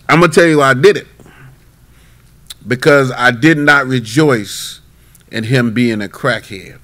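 A man, a bishop, teaching a midweek Bible class and telling a story in a lively, emphatic way. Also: mid-range voice.

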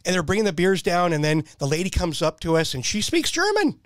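Lively storytelling man in his fifties. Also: sits high, brisk, no room sound, studio quality. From Nebraska. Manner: animated storyteller, laughs often, acts out quoted voices. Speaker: podcast guest, military veteran. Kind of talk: casual storytelling.

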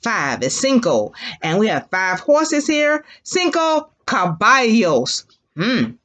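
A woman's voice: fairly high pitch, very animated, slow pace, fairly bright tone. A woman teacher leading young children through a language lesson, with sing-song call-and-repeat drills and playful animal sounds.

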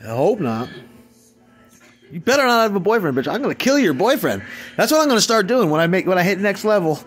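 A man vlogging an angry, profane rant, swinging between low muttering and loud outbursts. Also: very animated, fairly quick, husky.

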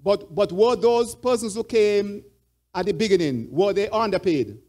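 High-voiced man leading a Bible study. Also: normal speed, a little mellow. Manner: repeats points and poses fill-in "what?" questions to the group. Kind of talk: interactive Bible study teaching.

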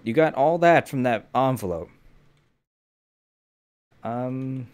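A man's voice: mid-range voice, animated, takes it slowly, a little mellow, smooth. A young man hosting a gaming channel, wearing headphones and talking to himself with jokey running commentary as he plays. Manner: jokey running self-talk. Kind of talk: gameplay commentary. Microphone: headphones with mic.

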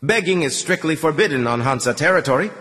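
Man doing a furious loudmouth border guard, pitched high, shouting. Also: expressive, normal speed, long reverb tail. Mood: angry shouting. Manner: shouting, abusive. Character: irate male border guard, bullying and loud.

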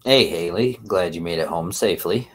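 This livestream host has a low, slightly breathy voice and speaks at an ordinary pace. He rambles and swears freely while addressing his viewers in chat.

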